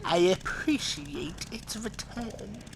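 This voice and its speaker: A man's voice: high voice, takes it slowly, background noise, pitched above the performer's own voice. A Southern man voicing a goofy, overly polite man with an exaggerated put-on accent. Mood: mock-polite. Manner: exaggerated, mock-courteous.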